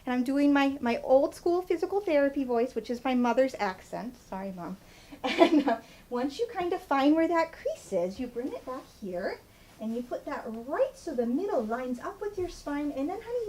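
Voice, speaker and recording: A woman's voice: high-pitched, a little fast, dark tone, voice pushed up. A woman doing a sugary old-school therapist. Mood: patronizing. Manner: sing-song, condescending, calls listener honey.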